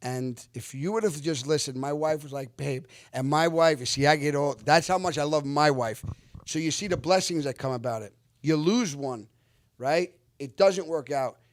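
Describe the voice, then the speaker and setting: A man in his fifties, an actor guest on an interview show, telling stories in an animated, earnest way. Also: fairly high pitch, moderate pace, dry recording. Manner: animated, lively retelling with acted-out quotes; earnest, reflective when giving life lessons. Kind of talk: casual storytelling interview.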